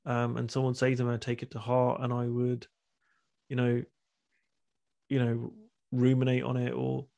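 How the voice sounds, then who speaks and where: Man with a flat, gravelly voice. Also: mid-range voice, normal speed, long pauses, muffled recording. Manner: candid, repeats and restarts words. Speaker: guest speaker and men's retreat coach. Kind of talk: casual conversation on a video call.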